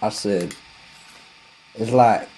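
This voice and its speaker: A man's voice: lowish voice, very slow, dark tone, husky, low-quality recording. A man, telling a rambling, folksy, profane comic story full of fillers.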